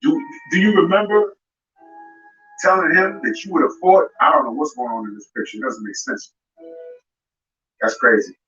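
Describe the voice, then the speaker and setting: Slightly high and sharp-toned, this boxing commentary host speaks at a moderate pace with long pauses while ranting straight at a fighter during a live show. Music plays behind a roomy, distant, dull recording.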